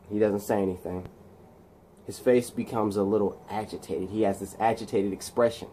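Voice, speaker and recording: A man casually retelling a film scene by scene, halting and restarting his words. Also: on the low side, steady tone, dark tone, a little hiss or hum.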